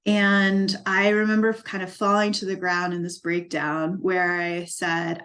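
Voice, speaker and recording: A woman's voice: lowish voice, little pitch movement, measured pace, hardly any pauses, a bit bright. A middle-aged woman, an equine life coach, telling her personal story in a documentary interview in an earnest, reflective and emotionally moved way.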